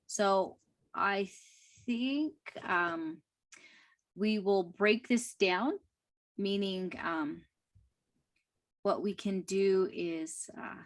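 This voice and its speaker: Woman teacher going through a story real slow, careful, lots of ums, middle pitch. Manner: slow, careful, with fillers and soft laughs. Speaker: language teacher. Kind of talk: slow classroom reading and explanation.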